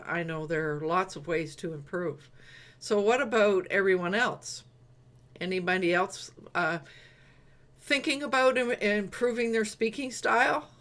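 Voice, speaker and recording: Slow-talking woman hosting a group chat. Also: on the low side, a bit bright. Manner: slow, hesitant, many fillers and laughs. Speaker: host of an online group meeting. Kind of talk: casual group video chat.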